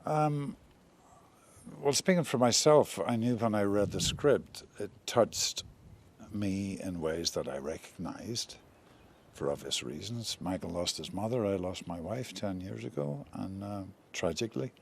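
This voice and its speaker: A man's voice: on the low side, measured pace, vocal fry. An older man and lead actor, chatting in an interview in a jokey, self-deprecating way. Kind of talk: casual interview chat.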